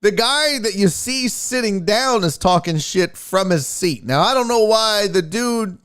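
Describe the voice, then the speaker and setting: A man hosting a sports show, casually breaking down a video clip in animated, profane commentary. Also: high-pitched, a little slow, smooth.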